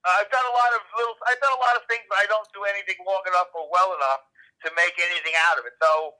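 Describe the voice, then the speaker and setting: Man, bright tense tone, slightly high, phone-line audio from a car, self-deprecating, halting. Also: fairly even intonation. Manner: self-deprecating joker, halting with many ums. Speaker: podcast guest. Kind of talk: casual chat. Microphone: phone headset.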